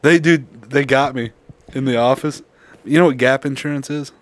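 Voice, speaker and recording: A man's voice: mid-range voice, fairly even intonation, normal speed, dry recording. A young man co-hosting a podcast, bantering in a profane, teasing way and laughing often. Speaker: podcast co-host. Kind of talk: casual banter.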